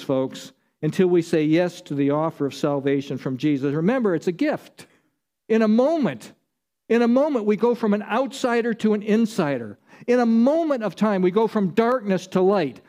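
Man, preacher, sermon, high voice, warm tone, emphatic, repeats phrases.

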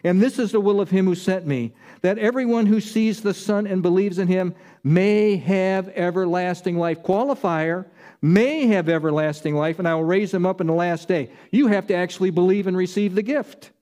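A man's voice: high-pitched, moderate pace, dark tone. A man preaching a sermon, emphatic, repeating his key phrases.

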